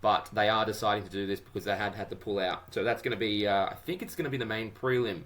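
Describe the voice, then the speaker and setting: An Australian man hosts a podcast in relaxed, chatty talk, tossing in "mate" as he goes. His voice sits low but sounds bright and forceful. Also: fast talker. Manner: upbeat, chatty, says "mate" often. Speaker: podcast host. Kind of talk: casual chat.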